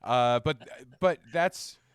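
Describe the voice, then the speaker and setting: A man's voice: a little high, slow pace, clean tone, no room sound, studio quality. A male podcast co-host in casual chat, rambling through jokey tangents.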